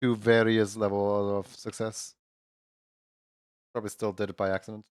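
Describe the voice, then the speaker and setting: A man's voice: on the low side, little pitch movement, moderate pace, darkish tone, clear, resonant tone, no echo, studio quality. A man with a Central European accent, chatting casually to his livestream while drawing, rambling and talking to himself with filler words. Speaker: streamer.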